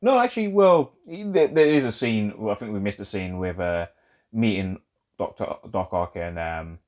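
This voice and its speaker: A young man co-hosting a casual film podcast, talking loosely and excitedly with lots of "like", swearing and laughing. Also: lowish voice, moderate pace. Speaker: podcast co-host.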